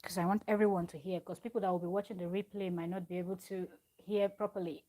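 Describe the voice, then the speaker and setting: A woman's voice: lowish voice, level tone, fast, few pauses, warm tone. A woman, recapping a reality show on a live stream from home, telling it in a chatty, digressive way with asides to her viewers. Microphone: live-stream microphone.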